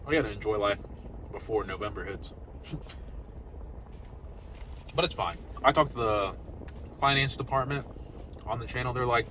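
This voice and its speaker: A young man vlogging casually about new laptops, swinging between loud excitement and mumbled asides. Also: lowish voice, normal speed, pauses often, noisy background. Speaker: tech YouTuber.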